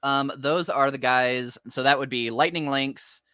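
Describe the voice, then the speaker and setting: A man's voice: medium pitch, fairly even intonation, a little slow, sharp tone, clean tone, no room sound. A man co-hosting a casual comic recap, enthusiastic and laughing, swearing casually. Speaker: podcast co-host.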